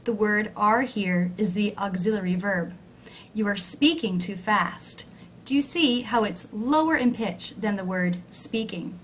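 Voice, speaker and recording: A woman teaching pronunciation in a scripted lesson, speaking clearly and slowing down to model example sentences. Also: medium pitch, slight background noise.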